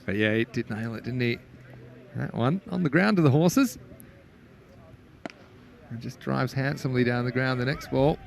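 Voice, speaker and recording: Gravelly man calling cricket. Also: medium pitch. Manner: chatty, rises excitedly on wickets. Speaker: cricket commentator. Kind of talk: live sports commentary.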